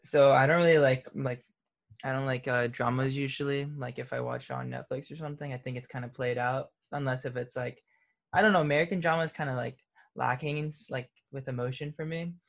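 A relaxed man with a gravelly, fry-heavy voice, talking casually in an interview. He drifts through his answers with lots of fillers and laughs easily. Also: medium pitch, brisk. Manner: laid-back, laughs often, many fillers. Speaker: interviewed musician.

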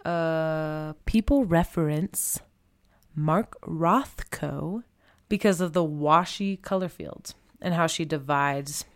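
A woman talks about paintings in a loose, chatty way, laughing often and leaning on "like." Her voice sits low and sounds smooth and clear. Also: takes it slowly. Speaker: presenter. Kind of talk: casual chat about art.

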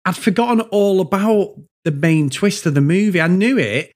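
A man with a northern English accent, co-hosting a casual film review podcast, animated and swearing freely as he laughs along. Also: high voice, moderate pace. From north of England. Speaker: podcast co-host.

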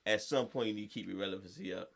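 A man co-hosting a podcast, talking basketball in casual, profane, animated chat and laughing often. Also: on the low side, rapid-fire, vocal fry. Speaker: podcast co-host.

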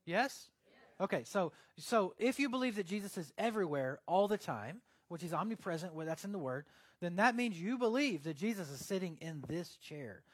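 A young man preaching a casual sermon in a conversational, joking manner. His voice sits a bit high, and the sound is dry and close with no room echo. He acts out little scenes and put-on voices as he goes. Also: expressive, normal speed. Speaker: pastor.

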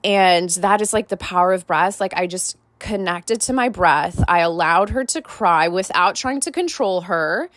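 A woman's voice: lowish voice, expressive, unhurried, hardly any pauses, dry recording. A woman podcast host and life coach, telling a personal story in a casual, candid way, full of "like" and "right?".

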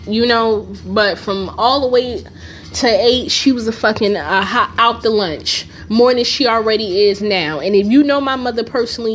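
A woman with a high-pitched voice hosts a casual storytelling podcast. She talks bluntly and emphatically, swears freely and keeps throwing rhetorical questions at her listeners. Soft music plays faintly underneath. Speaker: podcast host.

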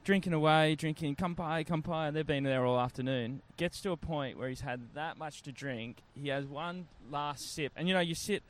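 A man's voice: a little high, moderate pace, hardly any pauses. Laid-back man swapping travel stories. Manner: laid-back, chatty, uses slang like lads and bloke. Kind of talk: casual storytelling chat.

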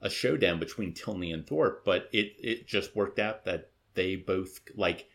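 A man's voice: low-pitched, measured pace, vocal fry, fairly bright tone. A man co-hosting a casual book discussion, musing and tentative, hedging with fillers. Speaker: podcast co-host.

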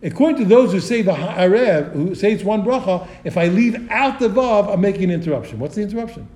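A high, lively male voice with a dark, mellow tone leads a study lesson. He thinks aloud, restarting his sentences as he works through a question. The sound is roomy, with a clear echo. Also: quick pace. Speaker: Torah teacher.

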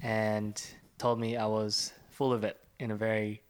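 Speaking a little slowly in a lowish, clean-toned voice that barely changes pitch, a young minister shares a sincere testimony of faith. His scripture reading grows steadily more forceful as the conversation goes on.

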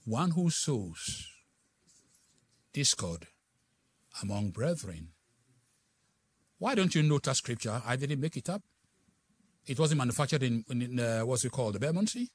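A middle-aged male pastor preaching a sermon, swinging from soft, hushed asides to loud, dramatic exclamations. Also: mid-range voice, very animated, unhurried, pauses often, breathy edge.

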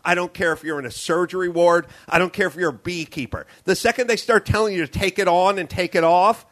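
A man in a hotel room recording a podcast, his voice a little on the high side. He tells stories in a heated rant, puts on the voices of the people in them and swears freely. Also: brisk. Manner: animated ranting storyteller, acts out dialogue, swears. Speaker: podcast host. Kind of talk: casual chat.

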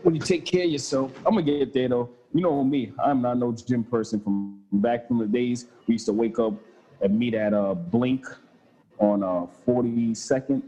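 A man in his thirties chatting casually with a friend about fatherhood, in relaxed slang with frequent swearing. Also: mid-range voice, moderate pace, soft background music, low-quality recording. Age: 30s. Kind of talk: casual chat.

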